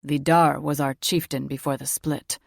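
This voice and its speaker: Woman putting on a low gruff werewolf chief, grave and steady, dry close mic. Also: moderate pace, dry recording.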